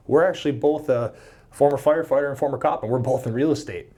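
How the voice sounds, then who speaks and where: A man's voice: mid-range voice, fast. A man in his thirties from Minnesota, a podcast guest telling a story casually, acting out the voices and swearing freely. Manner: animated, swears freely, acts out quoted dialogue.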